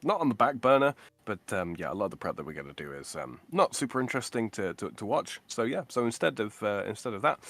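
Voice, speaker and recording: A tired man co-hosting a live stream in casual chat, talking slowly and laughing often. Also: on the low side, sing-song, a bit bright, dry recording.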